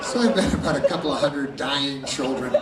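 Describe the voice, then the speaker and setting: Deadpan man doing stand-up, distant and roomy. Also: mid-range voice, fairly quick, heavy background noise. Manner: deadpan, rambling dark delivery. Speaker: stand-up comedian. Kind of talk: stand-up comedy. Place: stage before a laughing audience. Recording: roomy, distant live stage recording. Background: loud audience laughter.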